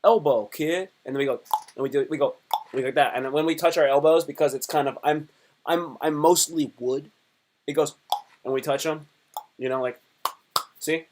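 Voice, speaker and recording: A man hosts a live stream in a loose, comic chat with his viewers. His voice sits a little high for a man. He rambles, restarts his sentences and jokes around as he goes. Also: steady tone, brisk, long pauses, a little mellow. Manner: rambling, self-interrupting, playful joking.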